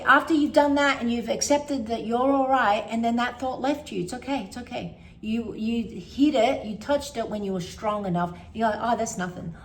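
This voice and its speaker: A woman talking casually to camera as a wellness coach, emphatic and repetitive, acting out her own anxious thoughts. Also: on the high side.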